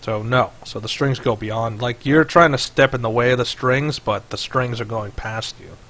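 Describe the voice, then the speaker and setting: Man game master, mid pitch, loose rambling narration, voice chat mic. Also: normal speed, fairly bright tone. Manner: loose, filler-heavy narration. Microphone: headset or desk mic on voice chat.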